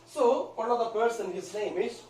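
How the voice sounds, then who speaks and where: A man with a high voice teaches a class in a slow, halting way, full of pauses and filler words. He is recorded from a distance in an echoey room, with faint room sound behind him. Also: a little mellow, a little hiss or hum. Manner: halting, many fillers and okays. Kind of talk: classroom lecture. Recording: echoey room, mic far off.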